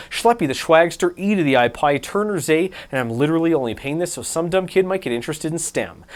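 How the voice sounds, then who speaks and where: A man hosting a maker channel, talking with irreverent, deadpan humor and reading out a long list of supporter names. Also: on the high side. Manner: irreverent, deadpan jokes, rapid name list. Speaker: YouTube maker host. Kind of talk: sarcastic tech talk and patron shout-outs.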